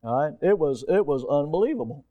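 Male preacher, high voice, folksy, emphatic, questions to the pews. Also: expressive, fairly quick, phone-quality sound. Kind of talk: sermon.

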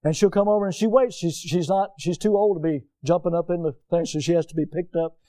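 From the pulpit of a church sanctuary, a pastor delivers an animated sermon full of folksy, homespun stories, moving around as he speaks. His voice is high for a man yet soft and mellow, and he talks at a quick pace.

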